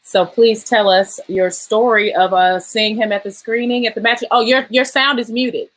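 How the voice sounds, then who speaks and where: A woman's voice: on the high side, fairly even intonation, moderate pace, a bit bright. A woman hosting a live-stream interview, prompting her guests for their stories. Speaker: host. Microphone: video call.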